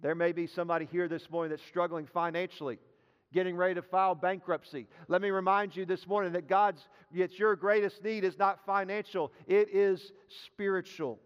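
A man's voice: high-pitched, steady tone, fairly quick, clear, resonant tone, in a large hall, muffled recording. A man preaching a sermon as pastor, emphatic, often repeating key phrases.

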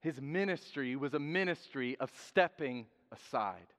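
A man preaching a sermon in a lively, joking way, acting out quotes in different voices. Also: mid-range voice, measured pace. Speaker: pastor. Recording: dull sound with long hall reverb.

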